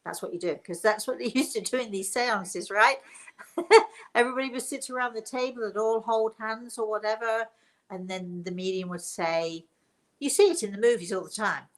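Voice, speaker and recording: A woman's voice: a little high, rough recording. Older woman chatting on a live stream. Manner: chatty and rambling, laughing often. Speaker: host, spiritual medium and author. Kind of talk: casual live-stream chat.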